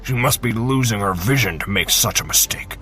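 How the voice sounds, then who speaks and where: A man's voice: on the low side, animated, a little fast, bright, forceful tone, faint music behind. A man voicing an arrogant, scornful male academy teacher in a fantasy audiobook, sneering and incredulous. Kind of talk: audiobook character reading.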